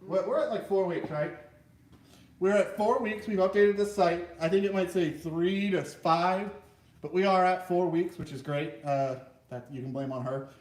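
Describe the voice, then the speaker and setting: A man's voice: sits high, normal speed, a little mellow. A man hosting a casual chat, joking and goofy in his banter. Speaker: host. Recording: echoey room, mic far off, faint noise.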